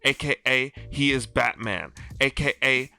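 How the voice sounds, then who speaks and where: Bright-voiced man recapping with slang. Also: medium pitch, a little slow, gravelly, clean tone, soft background music. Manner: animated retelling with slang. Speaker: podcast host. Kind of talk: casual episode recap.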